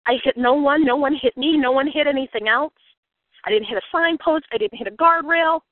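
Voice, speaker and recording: A woman's voice: sits high, brisk, no echo. Earnest woman on a tinny line. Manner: earnest, reflective, grows emotional. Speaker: speaker on a coaching call. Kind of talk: personal story with motivational lesson. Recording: tinny phone-like line, dry.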